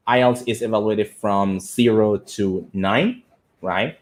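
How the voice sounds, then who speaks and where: A man's voice: fairly low pitch, fairly even intonation, slow. A man hosting a live-streamed English lesson, reading out viewer comments and repeating words as he talks.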